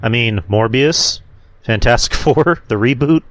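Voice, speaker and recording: A man's voice: mid-range voice, measured pace, fairly bright tone, no echo. A young man hosting a podcast in casual chat, rambling with lots of fillers and restarts. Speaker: podcast host.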